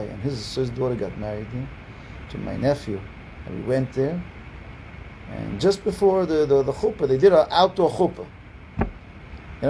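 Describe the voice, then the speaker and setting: A rabbi teaches a storytelling lesson via video call, his warm, medium-pitched voice rambling as he repeats words and restarts frequently. When quoting others his voice rises; the audio is rough, with slight background noise.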